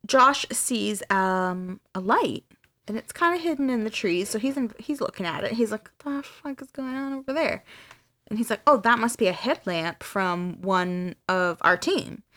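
A woman's voice: mid-range voice, expressive, measured pace, sharp tone. A woman podcast host casually retelling a story, acting out the dialogue with casual swearing.

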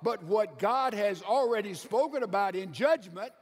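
A man preaching a sermon to a congregation, emphatic, with big swings between loud, quick bursts and slow, hushed stretches. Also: sits high, animated, husky. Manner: emphatic preacher with wide swings in loudness and pace. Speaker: pastor. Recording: hall reverb.

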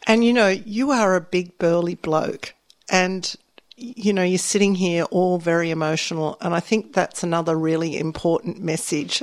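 A woman's voice: lowish voice, fairly even intonation, moderate pace. Woman hosting a radio interview. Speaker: radio show host. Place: community radio studio.

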